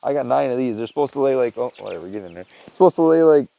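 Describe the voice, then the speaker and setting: A man's voice: medium pitch, lively intonation, fast talker, gravelly, warm tone, no room sound, lo-fi sound. A young man vlogging casually outdoors in a rural backyard, talking into a handheld phone camera in a laid-back, rambling way full of fillers. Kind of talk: casual outdoor vlog talk.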